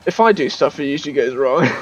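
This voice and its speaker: A man's voice: a little high, breathy edge, dull audio. Chatty self-mocking man streaming. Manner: self-deprecating, chatty, bursts of excited shouting. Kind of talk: casual gameplay commentary.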